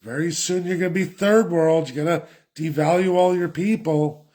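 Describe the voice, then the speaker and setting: A man's voice: a little high, normal speed, darkish tone, pitched above the performer's own voice, natural voice. A man voicing a stern official who makes blunt demands. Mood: bossy. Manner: bossy, demanding. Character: stern adult official lecturing a country.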